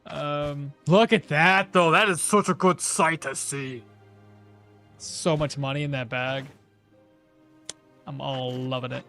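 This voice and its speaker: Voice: mid-range voice, fairly even intonation, takes it slowly, long pauses, fairly bright tone, faint music behind. A gameplay streamer giving casual commentary, chatting with viewers, reading out chat and laughing at their own jokes.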